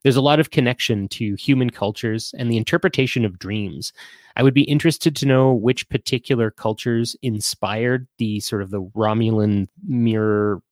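A man's voice: medium pitch, normal speed, a little mellow, no room sound, studio quality. A man hosting a casual live-stream chat show, rambling with lots of fillers and restarts.

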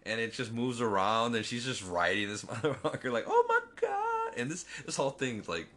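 A man's voice: mid-range voice, pushed and bright. Rambling man recapping a movie. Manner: rambling, profane, acts out characters in quick voices. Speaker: podcast co-host. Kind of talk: casual movie recap chat.

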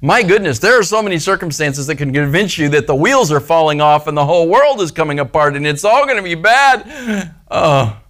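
A male pastor speaking to a small congregation in an animated, playful way. His pitch sits a bit high and swings widely as he slips into little voices for the people he quotes. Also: fairly quick. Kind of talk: casual sermon. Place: small church gathering.

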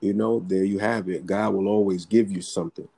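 A middle-aged man from the Bronx, talking casually on a podcast about his family clothing business and boxing, relaxed and halting with many fillers. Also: low voice, gravelly, slightly rough. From the Bronx, New York. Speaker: guest, clothing entrepreneur and boxing coach.

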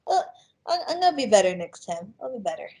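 A woman's voice: medium pitch, sing-song, fast talker, a little mellow. A young woman, a fighter, chatting in an interview, giggling and telling her story with animation. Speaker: guest fighter. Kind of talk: casual interview chat.

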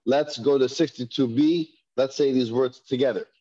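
A man's voice: medium pitch, fairly even intonation, normal speed, dark tone. A man teaching a Hebrew reading class, patiently sounding out syllables for students to repeat and often restarting his phrases. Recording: dull lo-fi class recording.

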